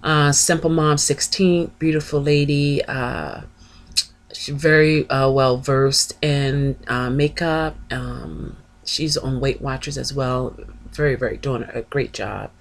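Woman vlogger, low unhurried voice, chatty and gushing; casual shout-out delivery. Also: fairly even intonation. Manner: chatty, gushing, spells out names. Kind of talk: casual chat, shouting out channels.

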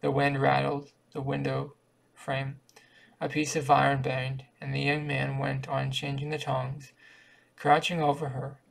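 A man reading a short story aloud in an even, careful way, now and then stumbling over a word. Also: mid-range voice, a little slow, gravelly. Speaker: reader.

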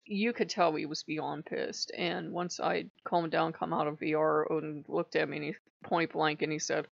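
A woman's voice: low voice, fairly even intonation, moderate pace, gravelly, few pauses, dry recording, muffled recording. A woman hosting her own channel, telling a personal story in a frank, rambling way and swearing often. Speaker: spiritual channel host. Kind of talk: emotional personal vlog.

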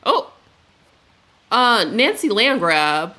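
A woman's voice: fairly high pitch, big pitch swings, very slow, pushed and bright. A young woman giving casual, playful commentary on a life-sim game, laughing often. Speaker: gaming YouTuber. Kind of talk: casual let's play commentary.

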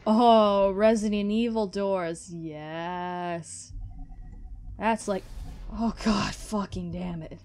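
A woman's voice: mid-range voice, drawn-out words, darkish tone. A woman gamer giving casual commentary on a horror game, swearing freely and talking back at the game. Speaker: let's play gamer.

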